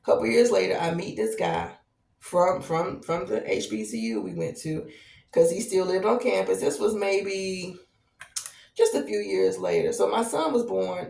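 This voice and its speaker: A woman in her thirties, a podcast host telling a long personal story in a casual, animated way, repeating herself as she goes. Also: medium pitch, vocal fry. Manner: animated, conversational, drawn-out repetitions. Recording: roomy echo, distant from mic.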